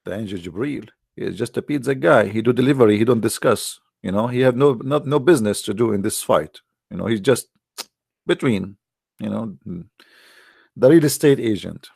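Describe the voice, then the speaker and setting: Sarcastic male debater, gravelly mid voice, dry close sound. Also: lowish voice, normal speed, darkish tone, dry recording. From Middle East. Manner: sarcastic, mocking, emotional. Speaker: religious debater. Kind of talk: polemical storytelling talk.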